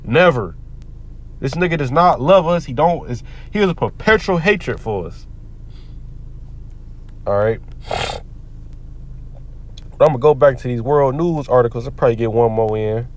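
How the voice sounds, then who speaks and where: A man's voice: mid-range voice, lively intonation, normal speed, pauses often. A man giving heated, profane, preacher-like commentary on the news, quoting scripture between rants. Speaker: commentary vlogger.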